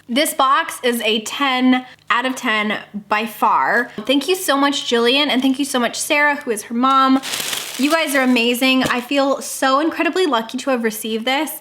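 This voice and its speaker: Young woman vlogger gushing over gifts, high bright voice, squeals and gasps a lot. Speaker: book vlogger. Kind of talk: casual unboxing vlog.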